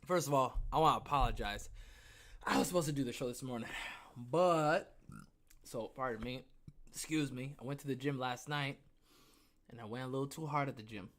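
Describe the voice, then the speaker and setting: A man's voice: mid-range voice, normal speed, pauses often, a bit bright. A man hosting his own podcast livestream, out of breath after the gym, rambling and talking to himself between topics. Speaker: podcast host. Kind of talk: casual livestream chat.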